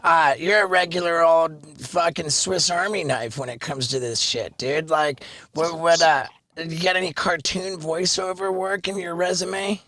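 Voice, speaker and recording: A man hosts a podcast in a brash, excitable, heavily profane way. His voice is bright and sharp, a little higher than most men's. The sound is dry and close. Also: measured pace, few pauses, no echo. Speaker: podcast host. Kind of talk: casual interview chat.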